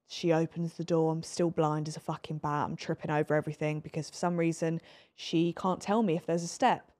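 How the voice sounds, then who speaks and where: A woman's voice: on the low side, a little mellow. A woman in her twenties, hosting a podcast, telling a story in a chatty, dramatic way with swearing. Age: 20s. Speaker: podcast host. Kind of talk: casual storytelling chat.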